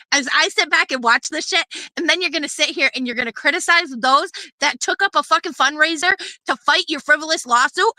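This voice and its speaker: Woman streamer, angry profane rant, sharp high voice, dry close sound. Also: dry recording, low-quality recording. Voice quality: profane, repetitive, confrontational. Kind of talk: heated ranting commentary.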